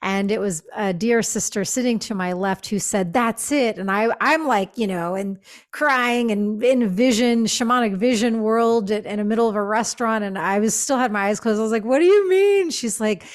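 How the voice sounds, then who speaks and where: A woman speaks as a guest on a conversational podcast and tells a personal spiritual story. Her voice sits at an ordinary middle pitch. She is earnest and reflective, and she often pauses with fillers and restarts her sentences. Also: steady tone.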